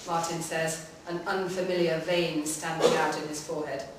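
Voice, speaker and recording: Low-voiced woman reading in an echoey hall. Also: fairly even intonation, moderate pace, few pauses, far from the mic, slight background noise. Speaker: reader. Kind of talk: live reading of a short story. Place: public library room.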